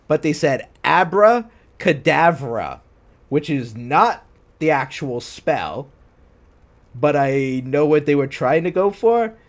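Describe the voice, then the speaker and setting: Lively, incredulous male streamer. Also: fairly high pitch. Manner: incredulous, mocking, breaks into laughter. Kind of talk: reading fan fiction aloud with commentary.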